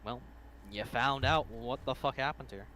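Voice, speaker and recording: A male game master with a bright, forceful voice, talking loosely and swearing freely as he runs a tabletop game over an online call. A faint hiss runs under it. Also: medium pitch, normal speed. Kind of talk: casual game-table chat.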